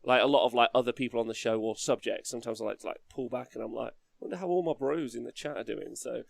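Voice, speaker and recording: A man hosting a casual livestream podcast, chatty and quick to laugh as he reads the chat aloud. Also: mid-range voice, vocal fry, dry recording, clean studio sound. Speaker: podcast host.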